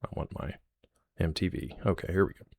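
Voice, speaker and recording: A man's voice: low-pitched, a little fast, vocal fry, darkish tone, slight background noise. A man streaming live, chatting loosely with his viewers in a jokey, rambling way.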